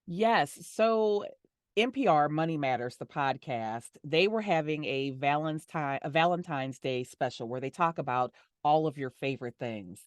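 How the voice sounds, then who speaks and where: A middle-aged woman who works as a voice actor and audio description narrator answers interview questions warmly, smiling and laughing easily. Her voice is deep and moderately paced, in a dry, studio-quality recording.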